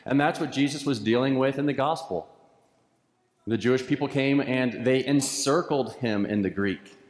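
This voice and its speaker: A man's voice: mid-range voice, moderate pace. Man preaching in an echoey church. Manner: earnest, repetitive preaching cadence. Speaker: pastor. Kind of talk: sermon. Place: church sanctuary. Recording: echoey church hall with long reverb.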